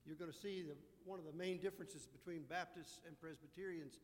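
A man's voice: a little high, steady tone, brisk. A man, a pastor, opening his funeral remarks with a blessing and a dry joke. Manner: formal blessing turning to dry humor. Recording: distant from the mic with long reverb.

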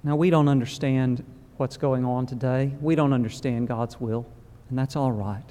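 A man preaching a funeral sermon in a church, solemn and measured, with slow pauses. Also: mid-range voice, fairly even intonation, dark tone. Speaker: pastor. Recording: long reverb of a large hall.

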